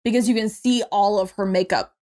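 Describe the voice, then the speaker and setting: A young adult woman co-hosting a podcast, casually recapping a movie with lively quoted voices and the odd swear word. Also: medium pitch, brisk. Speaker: podcast co-host.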